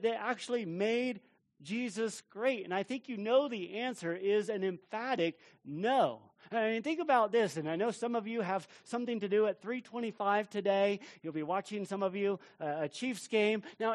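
A man preaching a sermon as pastor, animated and emphatic, repeating words for stress. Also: sits high. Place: church.

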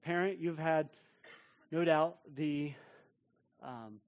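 A man preaching a sermon as pastor, animated and emphatic, repeating words for stress. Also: on the high side, slow pace, lo-fi sound. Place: church.

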